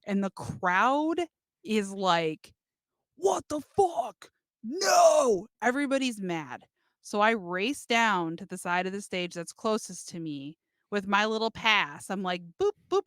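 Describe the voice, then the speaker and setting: A woman's voice: mid-range voice, pushed and bright, smooth, no echo, clean studio sound. A woman co-hosting a podcast, telling a story in casual chat and laughing as she goes. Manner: chatty, laughs while telling stories. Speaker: podcast co-host.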